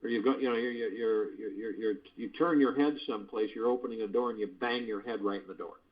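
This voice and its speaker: A man with a fairly low, fairly quick voice hosts a meditation call, offering spiritual teaching in a folksy, chatty style packed with rhetorical questions. He's speaking into a phone, and the conference line sounds dull and lo-fi.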